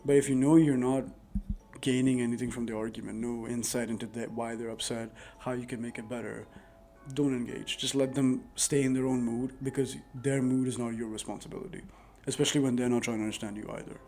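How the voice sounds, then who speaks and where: A man's voice: mid-range voice, level tone, fairly quick, mellow, soft background music. A man giving earnest, rambling relationship advice straight to camera, full of "like" fillers. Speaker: advice vlogger. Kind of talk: casual advice monologue to camera. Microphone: new dedicated microphone.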